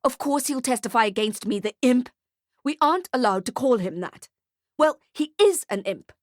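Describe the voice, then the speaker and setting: A woman's voice: on the high side, lively intonation, normal speed, no room sound, clean studio sound, voice pushed up, natural voice. A woman voicing a scruffy, foul-mouthed male Santa who blurts mangled curses in an audiobook. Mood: indignant.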